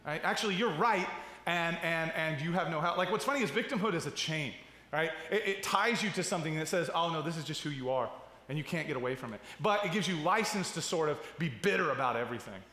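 A pastor in his thirties preaching a sermon in a church, chatty and direct, often checking in with "right?" and dropping low and quiet when telling stories. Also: expressive, fast talker. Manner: conversational preaching with asides and repeated "right?". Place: church sanctuary. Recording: roomy hall with long reverb.

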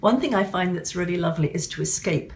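A woman novelist reading from her own book in a gentle, measured storytelling manner, then giving writing tips. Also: fairly low pitch, expressive, slight background noise.

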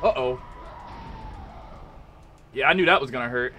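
A young man commentating his own gameplay, trash-talking a boss with loud yelps and exclamations. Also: high voice, big pitch swings, normal speed, pauses often, a little hiss or hum. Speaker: gamer playing a boss fight.

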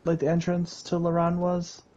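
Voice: medium pitch, completely flat delivery, moderate pace, warm tone, highs cut off, a little hiss or hum. A player in a co-op game, talking hesitantly with many fillers in casual chat.

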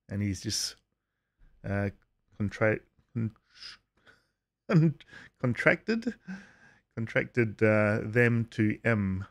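A man giving casual vlog commentary, halting with frequent uhs and restarts and chuckling as he talks. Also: on the low side, lively intonation. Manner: chuckles while talking. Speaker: YouTube commentator.

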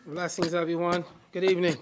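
A man giving a lively talk at a community event, often putting questions to the audience. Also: high voice, brisk. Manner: animated, addresses the crowd with questions. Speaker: guest speaker, program manager. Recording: echoey hall.

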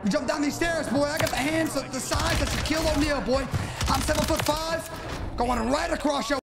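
A man's voice: very high-pitched, steady tone, a little fast, over music. A man streaming a shooter game, taunting opponents with brash, sing-song boasts. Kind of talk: trash-talking gameplay commentary. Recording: game gunfire clearly heard behind.

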